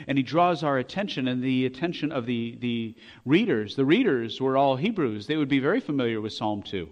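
A man preaching a sermon, earnest, restarting phrases, growing loud as he reads scripture aloud. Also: medium pitch, lively intonation, brisk, few pauses. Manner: earnest, repeats words when restarting, rises to loud when reading scripture.

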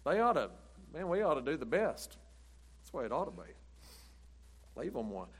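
A man's voice: on the high side, big pitch swings, moderate pace, slightly rough. Folksy preacher man. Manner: chatty, rambling, laughs at his own jokes. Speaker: pastor. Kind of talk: folksy storytelling sermon.

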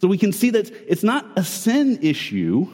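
A pastor in his thirties or forties preaches a sermon earnestly and conversationally, frequently restarting and repeating words. His voice sits high with huge pitch swings, a darkish tone, and normal speed. A long hall reverb fills the recording.

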